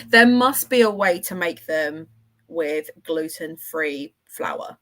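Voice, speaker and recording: A woman's voice: low voice, animated, takes it slowly, a bit bright. A woman hosting a livestream, chatting casually and enthusiastically with her viewers as she rambles from one thought to the next. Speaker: livestream host.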